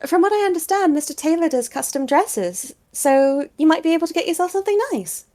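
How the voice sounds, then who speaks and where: A woman voicing a polite, soft-spoken male companion who talks with small hesitations. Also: very high voice, expressive, fairly quick, voice pushed up.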